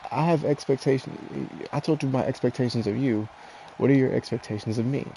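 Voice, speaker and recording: A man's voice: mid-range voice, steady tone, quick pace, creaky, noisy background. A man chatting casually and telling a personal story while playing a video game, laid-back and laughing often. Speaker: streamer.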